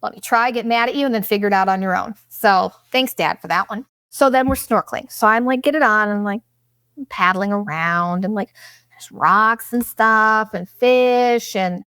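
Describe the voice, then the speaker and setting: A young woman hosting a podcast, telling a travel story in a casual, animated, profane way. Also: mid-range voice, moderate pace, clean tone, dry recording, studio quality. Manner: profane, animated, exaggerated retelling. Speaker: podcast host.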